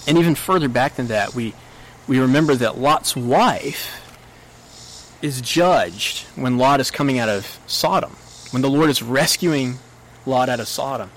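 A man preaching a sermon in an earnest way, his pitch rising when he quotes scripture. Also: a little slow, poor audio.

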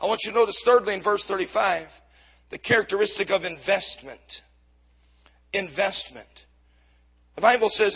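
A male preacher delivers a sermon in a very high, husky voice. He is fervent, climbing to shouts and sinking to hushed asides. His tone is bright and edgy throughout. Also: moderate pace. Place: church service.

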